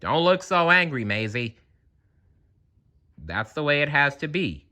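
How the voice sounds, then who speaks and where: A storyteller voicing a firm character who briskly scolds an angry bird in a children's story. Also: medium pitch, sing-song, bright, forceful tone. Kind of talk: children's story read aloud.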